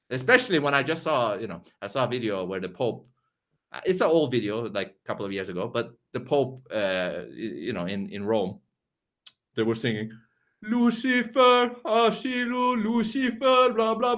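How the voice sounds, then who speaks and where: A man's voice: medium pitch, fairly bright tone. A man with a foreign accent hosting a live reaction stream, rambling and swearing, often restarting his words. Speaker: show host.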